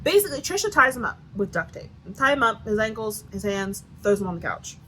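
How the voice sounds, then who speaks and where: A woman's voice: on the high side, sing-song, fairly quick, hardly any pauses, bright, forceful tone, slight background noise, low-quality recording. A woman giving a casual, sarcastic book review rant, swearing often and filling her talk with "like.". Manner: profane, sarcastic, heavy filler use.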